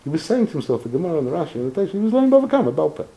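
A man telling a personal anecdote in an animated, expressive way. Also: racing, creaky, heavy background noise. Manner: animated, expressive storytelling with swings in pitch. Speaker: speaker telling a personal story. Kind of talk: anecdotal storytelling talk.

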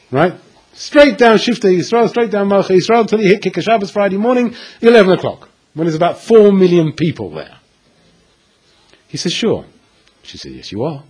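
A man delivers a Torah lecture as a story, acting out both sides of the dialogue and pausing for effect. His voice sits a little high and swings widely in pitch, with a husky grain throughout. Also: poor audio. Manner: animated storyteller acting out dialogue with dramatic pauses. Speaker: Torah teacher.

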